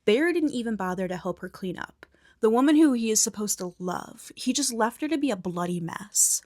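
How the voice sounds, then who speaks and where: A woman recapping a movie in a soft whisper, blunt and opinionated, with some swearing. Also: a little high, lively intonation, normal speed, dry recording, studio quality. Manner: soft unvoiced whisper mixed with quiet speech.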